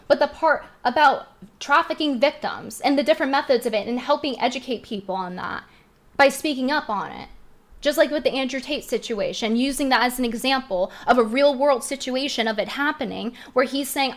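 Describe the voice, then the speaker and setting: A young woman streamer speaks in a high, bright voice, worked up and indignant. She fires off rhetorical questions and circles back to the same points again and again, her delivery clearly heated. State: upset, heated. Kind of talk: heated commentary rant.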